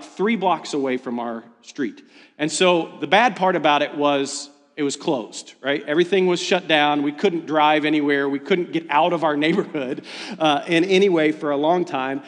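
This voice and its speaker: Animated high-voiced pastor in a hall. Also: male voice. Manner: animated, self-deprecating storytelling with rising pitch when excited. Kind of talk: sermon.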